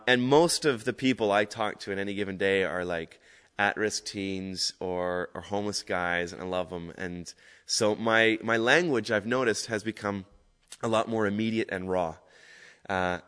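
A man giving an informal guest sermon as a Salvation Army minister, talking casually and rambling at first, then building to loud, fervent emphasis. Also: lowish voice, in a large hall.

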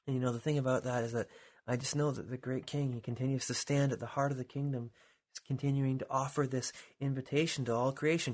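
A man preaching a sermon with a husky voice, dropping to quiet lines and then rising to loud, dramatic calls. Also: mid-range voice, fairly even intonation, fairly quick. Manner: dramatic, swings from hushed to shouting.

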